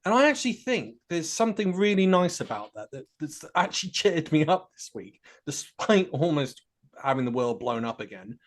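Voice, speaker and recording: Lively jokey man, very expressive pitch. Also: moderate pace. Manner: lively, jokey, laughs often. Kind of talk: casual political chat.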